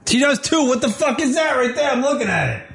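A man's voice: very high voice, big pitch swings, fast, gravelly, noisy background. A man hosting a radio talk show, mocking a TV clip in blunt, profane banter. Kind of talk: crude comic banter reacting to a TV clip.

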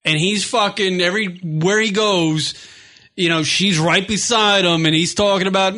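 A man's voice: high voice, steady tone, normal speed, sharp tone. A man hosting a radio talk show, talking crude and profane, ranting and jumping off on tangents. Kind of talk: crude casual banter.

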